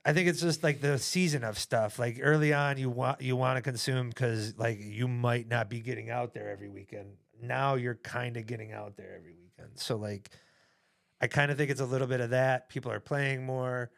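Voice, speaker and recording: A young man co-hosting a casual podcast, rambling through his points with plenty of fillers and some teasing. His voice has a gravelly, creaky fry at an average pitch. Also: steady tone, moderate pace, fairly bright tone. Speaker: podcast co-host.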